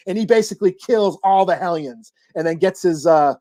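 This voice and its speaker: A man's voice: high-pitched, brisk, few pauses, dark tone. A man hosting a podcast, recapping a comic plot in a rambling, profane way with many fillers. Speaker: podcast host. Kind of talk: casual podcast chat.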